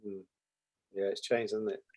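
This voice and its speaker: A man's voice: fairly low pitch, flat delivery, moderate pace, a little mellow, slightly rough. A man hosting a book club interview with short, polite prompts and thanks to his guest. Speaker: host.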